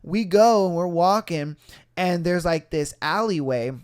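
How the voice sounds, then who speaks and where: A man's voice: sits high, unhurried, clean tone. A young man hosting a podcast, telling a story in casual chat with lots of swearing and acted-out quotes. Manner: animated, swearing, acts out voices in quotes. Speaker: podcast host.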